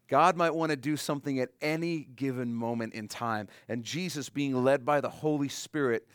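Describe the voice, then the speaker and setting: A man preaches a sermon with a casual, conversational style at a middle pitch. He acts out short voices and slows down on his key phrases. The sound is dry and close, with little room echo. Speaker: pastor.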